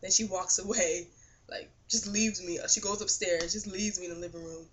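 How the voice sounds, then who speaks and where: A young woman vlogger retelling a dream in casual, animated storytelling, laughing often and saying "like" a lot. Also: lowish voice, normal speed, slight background noise.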